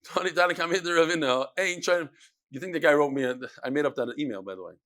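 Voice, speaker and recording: A man teaching a daily Talmud class, mixing quick readings of the text with joking asides. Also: a little high, fairly bright tone.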